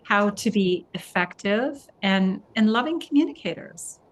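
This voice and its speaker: An older woman hosting a podcast interview, speaking slowly and thoughtfully and often repeating words as she searches for them. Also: mid-range voice, expressive. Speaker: podcast host.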